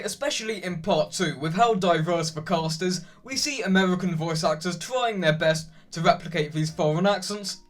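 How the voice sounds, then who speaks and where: Young male video essayist; chatty, opinionated, a touch high-pitched. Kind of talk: scripted video essay narration.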